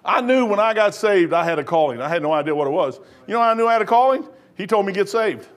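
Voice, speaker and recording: A man in his sixties preaching a sermon in a folksy, animated way, swinging between quiet asides and loud bursts and acting out the voices in his stories. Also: high voice, rapid-fire. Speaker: pastor.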